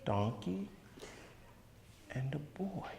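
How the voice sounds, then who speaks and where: A man telling a folk tale with dramatic pauses and hushed asides, in an echoey hall. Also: fairly high pitch, sing-song, gravelly. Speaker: storyteller. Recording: echoey hall, faint noise.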